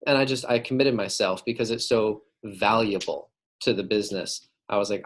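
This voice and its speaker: A man casually coaching his receptionists on phone calls, often asking "right?" and acting out both sides of a call. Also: fairly low pitch. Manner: frequent "right?" checks, acts out phone calls. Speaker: manager coaching staff.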